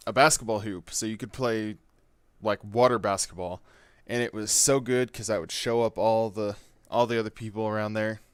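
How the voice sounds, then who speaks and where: A man's voice: on the low side, fairly bright tone, smooth, no echo. A man casually telling a personal story, rambling with lots of fillers and swearing. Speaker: gaming YouTuber.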